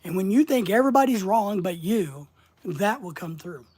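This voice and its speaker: A middle-aged man coaching about social media in a folksy, deliberate way, asking his listeners question after question and pausing often. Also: high-pitched, lively intonation, darkish tone, breathy edge. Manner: folksy, asks the audience rhetorical questions, slow deliberate pauses. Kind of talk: motivational instructional monologue.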